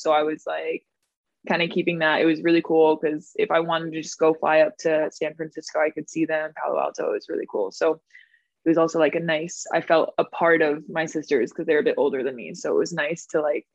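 A young woman with a fairly low voice tells her stories with lively energy, laughing often and acting out the lines of the people in them. The recording is dry and close, with a dull, lo-fi sound. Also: no room sound. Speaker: guest, former pro volleyball player. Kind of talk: casual podcast storytelling. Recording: dull lo-fi dry podcast audio.

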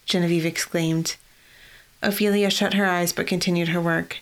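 A woman reading fantasy fiction aloud in an even, measured storytelling voice. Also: fairly low pitch. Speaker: audiobook narrator. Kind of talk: scripted fantasy narration.

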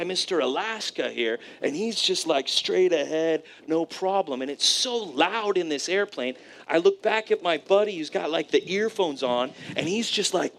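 Animated male preacher telling a story. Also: high-pitched, vocal fry, slight background noise. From California, USA. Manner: animated storyteller, frequent "right?" asides. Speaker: pastor. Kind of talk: sermon with personal story.

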